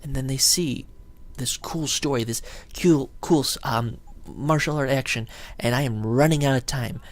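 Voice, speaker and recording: A man talking casually to his camera, rambling and excited as he acts out what his friends said. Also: medium pitch, unhurried. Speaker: video blogger.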